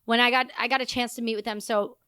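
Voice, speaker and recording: Woman, podcast guest, animated slangy storyteller, smooth clear voice, dry close sound. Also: a little high, fast, no echo. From Canada. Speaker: guest, army veteran. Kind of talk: casual podcast interview.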